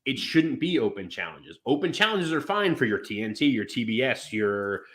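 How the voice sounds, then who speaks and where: A man co-hosting a casual wrestling chat, his pitch swinging high and low. He rambles through his points and breaks into quick impressions of the people he quotes. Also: very animated, fairly bright tone. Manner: rambling, acts out quotes with big pitch jumps. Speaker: podcast co-host.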